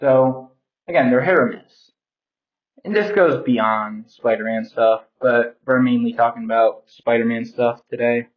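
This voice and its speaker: A man's voice: mid-range voice, measured pace. A man ranting casually about films to his viewers, rambling with frequent ums and an exasperated edge. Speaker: film commentary vlogger. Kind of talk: casual rant to camera. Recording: dull lo-fi home recording.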